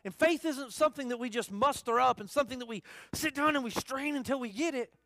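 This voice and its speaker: A man's voice: extremely high pitch, fast talker, a bit bright, slight background noise. A man preaching a sermon in a church service, talking conversationally, asking the congregation questions and repeating his key phrases. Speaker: pastor.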